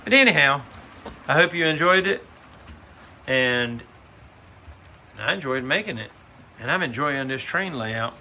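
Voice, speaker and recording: A man's voice: mid-range voice, animated, unhurried, pauses often, pushed and bright, slight background noise. A man with a Southern US accent giving a rambling, folksy tour of his model railroad layout, filming it himself on a handheld phone. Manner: folksy and rambling, with fillers and 'but anyhow'. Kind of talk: casual layout tour video. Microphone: handheld phone camera while filming.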